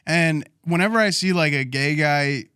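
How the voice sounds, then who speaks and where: A man with a bright, fairly high voice chats bluntly with his co-host, laughing easily and reacting loudly. His tone is crisp and forward, and the recording is dry and close. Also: normal speed, no echo. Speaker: podcast co-host. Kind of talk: casual chat.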